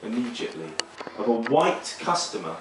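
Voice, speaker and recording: Rambling stand-up comic in an echoey club. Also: male voice, medium pitch, brisk. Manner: rambling, self-deprecating, deadpan delivery. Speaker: stand-up comedian. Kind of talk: stand-up comedy set. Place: small comedy club stage. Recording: echoey club, mic heard from far, noisy.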